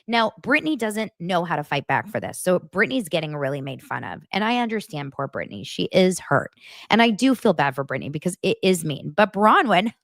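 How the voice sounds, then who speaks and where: Animated, gossipy woman host. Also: lowish voice, brisk, dry recording, clean studio sound. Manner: animated, gossipy, swears casually. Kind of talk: casual reality TV recap.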